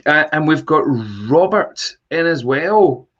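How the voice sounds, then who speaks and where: A man hosting a podcast, chatty and quick to laugh in casual banter. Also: fairly high pitch, a bit bright. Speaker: podcast host. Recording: slightly dull, lo-fi sound.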